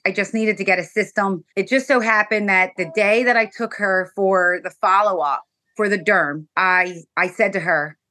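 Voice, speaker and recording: A middle-aged woman, a guest mother, telling an emotional personal story with animated storytelling and acted-out dialogue. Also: mid-range voice, normal speed.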